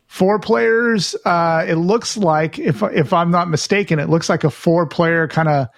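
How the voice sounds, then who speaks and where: Guy cohosting a retro game podcast, kinda high voice, loose and chatty, dry close sound. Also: a little slow, gravelly, no echo. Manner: relaxed, chatty, reads listener news with asides. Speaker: podcast co-host. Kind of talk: casual retro gaming chat.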